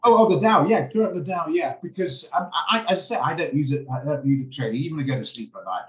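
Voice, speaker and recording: Speaking fast in a fairly high-pitched voice, a male trading room host runs an online session over a video call. He comes across as chatty and blunt, frequently rambling away from the subject, with a roomy echo on the line.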